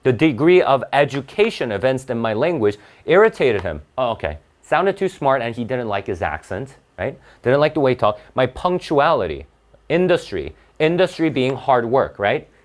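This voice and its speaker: A man's voice: medium pitch, sing-song, moderate pace. A young man tutoring for the SAT, reading a passage aloud and explaining it in a casual, blunt way, full of rhetorical questions and fillers.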